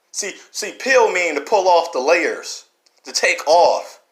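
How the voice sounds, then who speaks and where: Preachy man ranting in an echoey room. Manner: preachy, repetitive, swings between loud and low. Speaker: vlogger. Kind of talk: impassioned monologue to camera. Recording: roomy echo.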